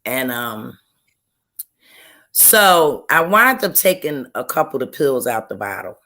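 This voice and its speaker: A guest author gives an emotional personal testimony in an interview, speaking slowly and earnestly and often repeating her phrases. Her voice is very deep, pushed and bright, with big swings in pitch.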